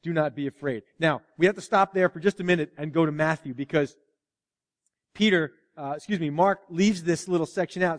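Pastor preaching, guy w/ a high voice, gets loud then real quiet, echoey church hall. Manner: animated, swings from loud to hushed, acts out quotes. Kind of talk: sermon. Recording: long hall reverb.

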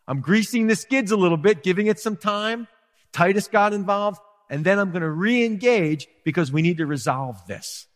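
A man preaching a sermon as pastor, animated, acting out quotes and asides to his congregation. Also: fairly high pitch, big-room sound.

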